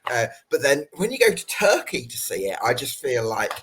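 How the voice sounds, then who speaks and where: A man's voice: mid-range voice, very animated, moderate pace, a bit bright, slight background noise, poor audio. A young man hosting a football podcast, chatty and friendly with his guest. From Birmingham area. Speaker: podcast host. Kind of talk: casual chat.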